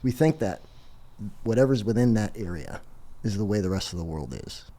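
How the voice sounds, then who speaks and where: Middle-aged man, podcast guest, casual storytelling, animated, fairly low voice, lively pitch. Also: normal speed. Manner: animated, laughs through his story.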